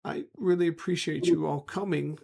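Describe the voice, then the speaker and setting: A man's voice: a little high, steady tone, creaky, dark tone, voice pushed up. A man voicing a sorrowful chained sun-creature. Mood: apologetic. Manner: slow and apologetic. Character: chained, radiant creature like a bottled sun, apologetic.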